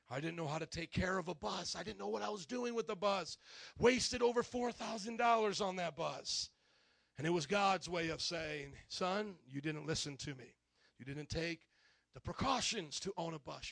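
A middle-aged pastor preaching with a high, gravelly voice and a bright, forceful edge. He tells his story animatedly, acting out each person and calling on the congregation to respond. The sound is close and dry. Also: no room sound. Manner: animated, acts out characters, calls to congregation. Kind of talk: sermon storytelling.

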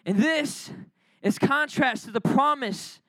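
A man's voice: extremely high pitch, slow pace, bright, forceful tone, dry recording, poor audio. A male preacher delivering an emphatic, repetitive sermon, speaking directly to his church.

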